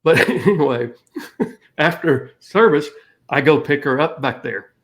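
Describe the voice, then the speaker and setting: A man's voice: on the high side, lively intonation, unhurried. Man telling a story with laughs. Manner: tells stories with laughs. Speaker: co-host. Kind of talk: casual chat, storytelling.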